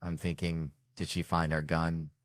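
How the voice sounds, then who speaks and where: A man's voice: a bass voice, level tone, a little slow, no room sound, clean studio sound. Brash, profane stand-up comedian man. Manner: brash, profane storytelling with acted-out quotes.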